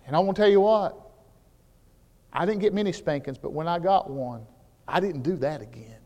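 A man preaching a sermon as pastor, telling animated stories that build to near shouts. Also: on the high side, normal speed, pauses often, long reverb tail.

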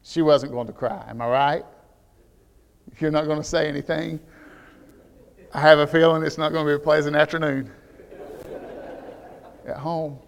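A man preaching a sermon as pastor, telling animated stories that build to near shouts. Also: fairly high pitch, moderate pace, creaky, pauses often, big-room sound.

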